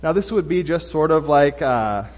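A man's voice: fairly high pitch, expressive, moderate pace, big-room sound, muffled recording. A man giving a sermon, reading scripture and then explaining it loosely, with many fillers and restarts. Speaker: preacher.

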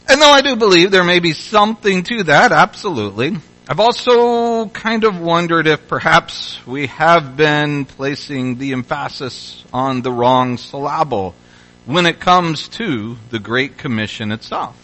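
Bright-voiced male preacher, conversational sermon. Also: a little high, lively intonation, slow pace, long pauses, rough recording. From Louisville, Kentucky. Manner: conversational, with restarts and rising exhortations. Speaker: pastor.

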